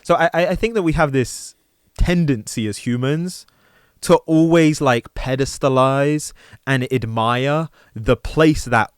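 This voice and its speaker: Male podcast host, London accent, animated chat, dry studio sound. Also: medium pitch, measured pace, smooth, no echo. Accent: London English. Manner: animated, acts out quoted people. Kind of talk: casual conversation.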